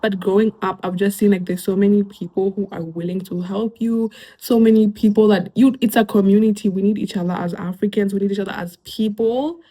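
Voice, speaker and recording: A young Kenyan woman with a Kenyan accent vlogging at a middle pitch, reading posts aloud and reacting in a loose, chatty way. She laughs easily and slips Swahili slang into her sentences. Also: fairly even intonation, brisk, few pauses, dark tone. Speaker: YouTuber. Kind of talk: casual commentary reading online posts.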